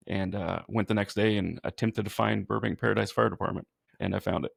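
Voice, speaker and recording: Man, from California, low gravelly voice, earnest easygoing storyteller, firefighter guest, dry close sound. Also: fairly even intonation, brisk, no room sound. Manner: earnest, self-described goofy, easygoing. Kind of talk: casual storytelling.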